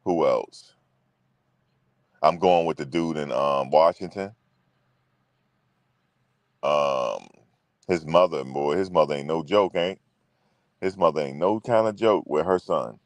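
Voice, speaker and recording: Deep-voiced man in loose sports chat. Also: takes it slowly, pauses often, dry recording. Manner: loose, profane, repetitive, talks to viewers directly. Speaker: sports show host.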